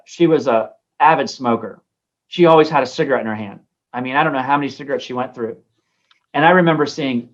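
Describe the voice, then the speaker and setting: A man's voice: medium pitch, dull audio. A man, a bishop, teaching a class in a conversational way, full of ums and anecdotes, over a video call. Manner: conversational, many ums and restarts. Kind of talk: informal lecture with anecdotes.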